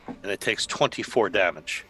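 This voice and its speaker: A man at a tabletop game calls out his rolls and damage in a plain, matter-of-fact way. His voice has a bright, sharp edge. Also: on the low side, moderate pace, husky. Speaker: player. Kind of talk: casual tabletop game chat.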